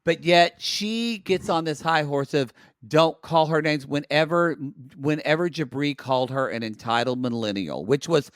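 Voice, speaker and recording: Man, podcast co-host, blunt profane analysis, slightly high pitch, dead dry room. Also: lively intonation, moderate pace, hardly any pauses, clear, resonant tone, no room sound. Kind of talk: casual reality TV recap chat.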